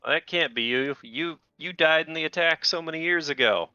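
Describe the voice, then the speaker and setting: A cornered lord, frightened and stammering, his voice jumping up higher when he panics, as a man acts him out. He shouts for his guards in a bright, forceful tone. The recording sounds slightly dull and dry. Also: moderate pace, clear, resonant tone, dry recording. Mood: shocked.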